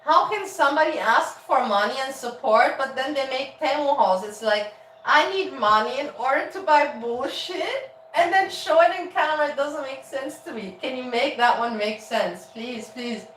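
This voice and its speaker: Woman streamer, high voice, chatty and swearing, roomy echo, faint music behind. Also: moderate pace, hardly any pauses, far from the mic, a little hiss or hum. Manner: chatty, animated, laughs often, swears freely. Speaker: live streamer cooking. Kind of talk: casual live-stream chat while cooking.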